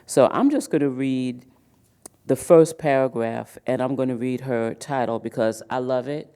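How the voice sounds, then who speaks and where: Speaking at normal speed, this emcee and panel moderator has a warm, clean, medium-pitched voice. He runs a live leadership summit from an event hall, talking emphatically and frequently restarting with repeated words.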